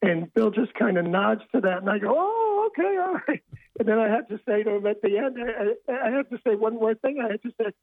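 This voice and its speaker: A man's voice: high-pitched, fairly even intonation, fast talker, few pauses, no echo. An older man, a book author, telling long rambling anecdotes as a radio interview guest, often restarting his sentences. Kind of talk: phone-in radio interview storytelling. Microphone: telephone. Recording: tinny phone line.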